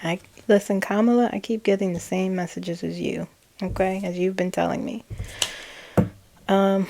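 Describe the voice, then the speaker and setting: A woman tarot reader relaying channeled messages, slow and hesitant, with frequent ums and self-corrections. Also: medium pitch, fairly even intonation, vocal fry, warm tone.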